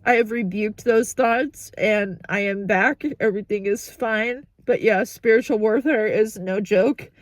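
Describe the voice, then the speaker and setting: A woman vlogger giving an emotional update while crying, talking in halting, broken sentences into a handheld phone. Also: mid-range voice, no room sound. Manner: halting, restarting sentences, overwhelmed. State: tearful, crying. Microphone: phone held in hand.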